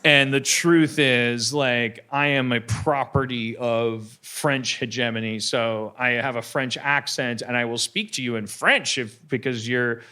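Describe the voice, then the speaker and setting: A man's voice: mid-range voice, a little slow, few pauses, bright, forceful tone, clear, resonant tone. A man hosting a live comedy podcast, telling a rambling, stammering story and acting out voices. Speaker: podcast host. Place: live stage before an audience.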